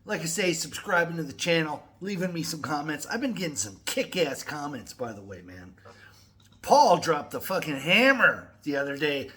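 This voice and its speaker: On his own channel, a middle-aged metal music YouTuber rants to camera in a profane, rambling, casual vlog. His voice is fairly high with big pitch swings, a sharp tone and a normal speed.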